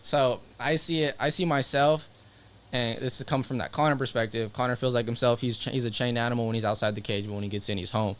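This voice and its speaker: A young man talking fast and excitedly as a guest on a casual podcast. His voice is smooth and clear, and he tells fight stories with lots of swearing and acted-out quotes. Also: medium pitch. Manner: animated storytelling, swearing, acting out quotes.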